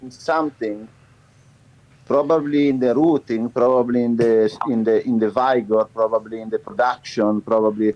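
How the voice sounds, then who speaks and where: A man in a casual studio chat speaking haltingly, often searching for words. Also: medium pitch, fairly even intonation. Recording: slightly dull sound.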